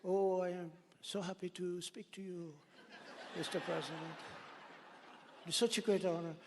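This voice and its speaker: A man's voice: high voice, flat delivery, a little slow, slight background noise. A man doing a fawning French statesman. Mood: mock-polite. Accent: French, put on. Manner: mock-polite, pleading, exaggerated. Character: fawning French male head of state, polite, flustered. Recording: long reverb of a large rally venue.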